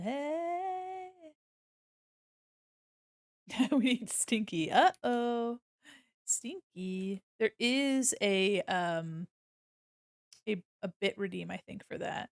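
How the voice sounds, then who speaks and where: A woman's voice: medium pitch, dry recording, clean studio sound. A woman streaming while she draws, chatting casually with her viewers, playful and mock-offended, laughing often. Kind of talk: casual live-stream chat while drawing.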